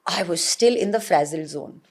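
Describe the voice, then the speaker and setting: An Indian woman, an actor, being interviewed and telling stories in an animated way with frequent laughter. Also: fairly low pitch, normal speed, husky. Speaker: guest, actor. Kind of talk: conversational interview.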